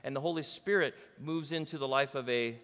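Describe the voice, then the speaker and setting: A man's voice: mid-range voice, fairly quick, fairly bright tone, big-room sound. A man preaching a sermon as pastor, talking casually and bantering with his congregation.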